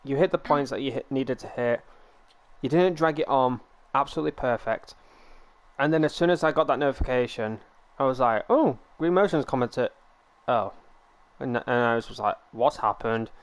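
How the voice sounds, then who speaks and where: Man, streamer, smooth clear voice, casual chat. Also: mid-range voice. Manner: storytelling, quick and playful. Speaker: streamer host.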